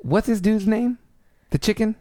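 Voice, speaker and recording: A man's voice: high-pitched, moderate pace, dark tone, no echo, studio quality. A man co-hosting a podcast who keeps cutting in with questions during casual chat. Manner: interrupting, questioning, laughs often. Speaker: podcast co-host.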